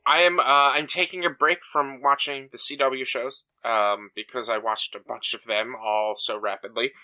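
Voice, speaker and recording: A man's voice: medium pitch, fairly even intonation, moderate pace, sharp tone. A young man co-hosting a podcast in casual chat, talking emphatically with many fillers and restarts. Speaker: podcast co-host.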